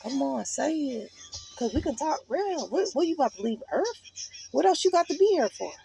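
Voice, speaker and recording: High, gravelly-voiced woman pressing hard. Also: very animated, normal speed, dark tone, soft background music, rough recording. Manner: pressing, repetitive questioning, preachy. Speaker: partner in a couple's argument. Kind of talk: heated casual conversation. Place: inside a truck cab.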